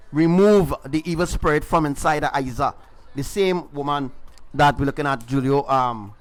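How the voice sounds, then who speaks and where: A man's voice: on the high side, a bit bright. A man giving a livestreamed spiritual testimony, emphatic and repetitive, often adding "right?". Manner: repetitive, emphatic storytelling with tag questions. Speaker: self-styled spiritual preacher. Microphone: livestream mic.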